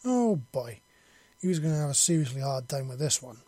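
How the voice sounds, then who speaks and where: A man narrating a story in a steady, measured audiobook reading. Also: medium pitch, slightly rough, no room sound.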